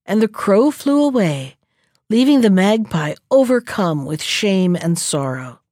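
A woman storyteller reading a folktale aloud in a gentle, expressive way. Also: medium pitch, a little slow, dry recording, studio quality.

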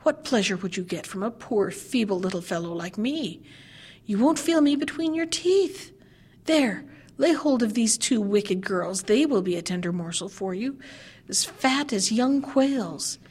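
A woman voicing a screeching, ungrateful little male dwarf in a storybook reading, shrill and scolding. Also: animated, a little slow. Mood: shrill angry.

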